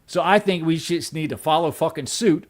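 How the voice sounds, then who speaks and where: A man's voice: fairly high pitch, moderate pace. A man co-hosting a sports podcast, ranting with lots of swearing and restarts. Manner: ranting, profane, many restarts. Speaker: podcast co-host. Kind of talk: heated sports podcast chat.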